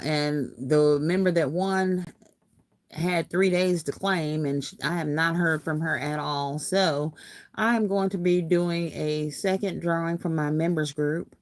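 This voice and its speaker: A woman's voice: lowish voice, darkish tone, no room sound. A woman hosting a casual crafting livestream. She reads viewer comments aloud and greets viewers by name in a chatty, folksy way, laughing often.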